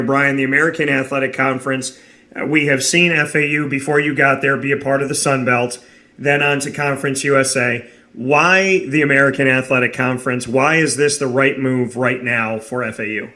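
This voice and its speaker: A man's voice: mid-range voice, sharp tone. A man hosting a sports radio show, asking long, effusive questions of his guest.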